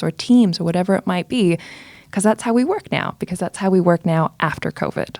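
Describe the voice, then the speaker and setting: Woman, security guest on a podcast, lowish voice, dry close mic, animated delivery. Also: dry recording. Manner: animated, quick bursts of emphasis. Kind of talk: casual podcast chat.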